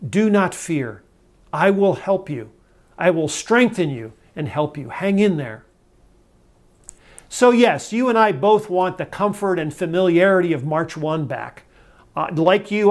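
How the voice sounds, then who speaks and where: A man preaching a sermon as a pastor, earnest and measured, slowing down for emphatic scripture quotes. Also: on the high side.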